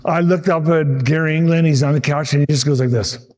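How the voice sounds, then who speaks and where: A man in his sixties, a TV meteorologist telling lively stories from his career to an audience. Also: on the high side, fairly quick. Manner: lively anecdotal, acts out quotes, frequent restarts. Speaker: TV meteorologist giving a talk. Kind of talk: storytelling presentation to an audience.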